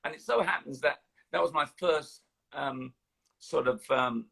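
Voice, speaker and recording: An older man with a London accent, a guest in a casual interview, telling his life story in a lively way with many fillers. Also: a little high, measured pace, creaky, breathy edge. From London, England. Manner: animated storytelling, hesitant fillers.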